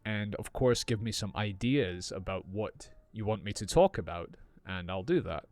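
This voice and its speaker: A man teaching English in an unscripted podcast, explaining slowly and clearly as he improvises. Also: lowish voice, lively intonation, a little mellow.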